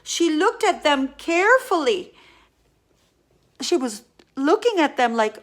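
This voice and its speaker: A woman reading a picture book aloud in a slow, expressive way, with many exclamations. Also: high voice. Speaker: storyteller.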